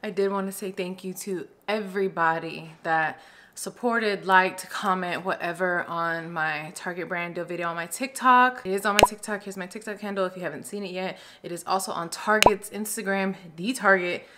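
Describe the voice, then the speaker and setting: A woman vlogging at home in a casual, chatty and expressive way, talking straight to her viewers. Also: on the low side, normal speed. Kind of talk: casual chat to camera. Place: home kitchen while cooking.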